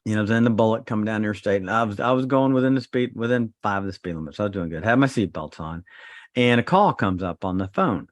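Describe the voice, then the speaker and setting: A middle-aged man hosting a podcast, a trauma surgeon telling a story in a casual, animated way. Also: on the low side, fast, dry recording. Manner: animated, acts out other people's voices in his stories.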